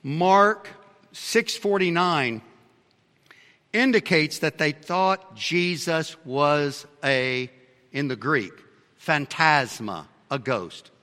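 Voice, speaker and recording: Male pastor, fiery sermon delivery with sudden quiet asides, tense bright tone, long reverb. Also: lively intonation, extremely slow. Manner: fiery preaching, swinging between shouts and low asides.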